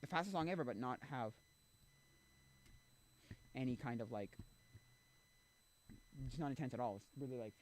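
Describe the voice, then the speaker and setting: A man's voice: medium pitch, a little fast, pauses often, darkish tone. A man streaming, chatting casually and rambling with lots of fillers while he thinks aloud. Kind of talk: casual chat.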